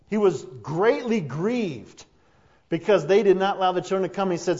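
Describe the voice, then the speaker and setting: Male pastor, high voice, preaching with rising fervor; muffled lo-fi sound. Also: lively intonation, fairly quick. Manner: preaching, building to loud fervent passages. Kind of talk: sermon.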